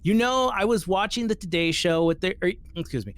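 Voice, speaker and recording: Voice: medium pitch, brisk. A podcast host reading a social media post aloud and mocking it, swearing casually and laughing between lines.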